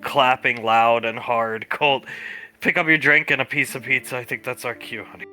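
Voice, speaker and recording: A man's voice: medium pitch, fairly even intonation, normal speed, sharp tone, faint music behind. A man playing a tabletop role-playing game, narrating his characters' actions and lines in a casual way and laughing often.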